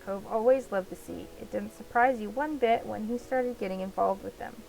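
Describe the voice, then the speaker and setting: A woman's voice: medium pitch, normal speed, gravelly, darkish tone, low-quality recording. A woman reading a visual novel aloud as a let's play narrator, in the second person.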